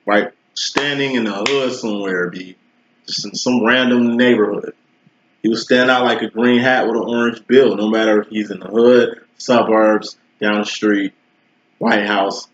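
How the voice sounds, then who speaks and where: Low-voiced man giving a slangy tarot reading. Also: fairly even intonation, normal speed. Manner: slangy, profane, conversational. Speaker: tarot reader. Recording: roomy, dull lo-fi recording.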